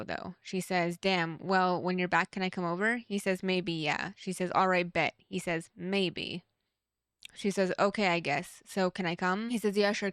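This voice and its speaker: A young woman hosting a true crime reaction video, reading text messages aloud in a flat run and breaking off for blunt, profane asides. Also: fairly low pitch, smooth, no echo, studio quality. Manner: reads texts flatly, blunt asides with swearing. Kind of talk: casual reading and commentary.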